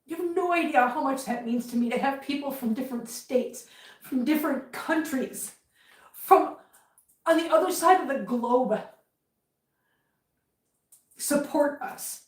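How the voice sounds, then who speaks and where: A high-voiced middle-aged woman rambles through a casual live chat while she tidies at home. She vents with heat between asides. Her voice comes from well back in a roomy space. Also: a little slow, long pauses, distant mic. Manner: chatty, rambling, heated venting. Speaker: livestream host. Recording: roomy, from off-mic.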